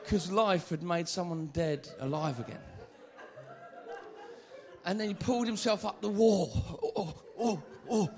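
A man preaching an animated, comic evangelistic sermon at a church meeting, acting out the stories he tells. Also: high voice, a little slow, pauses often, crowd noise. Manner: animated, comic storytelling with acted-out voices.

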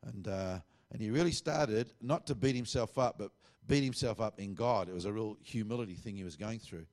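A man's voice: fairly low pitch, brisk, darkish tone. A middle-aged man, a pastor, earnestly telling a testimony and acting out the dialogue he quotes.

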